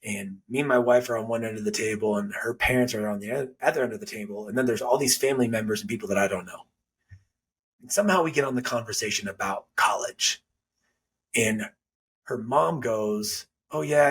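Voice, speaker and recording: Husky guy on a podcast, says it how it is, swears some, sounds a bit far off the mic. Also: medium pitch, normal speed. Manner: blunt, candid, swears casually. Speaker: guest. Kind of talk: storytelling in a podcast interview.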